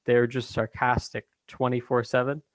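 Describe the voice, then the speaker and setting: A man talking as a guest in a casual conversation, hesitant with many pauses and restarts. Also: mid-range voice, little pitch movement, dry recording, low-quality recording.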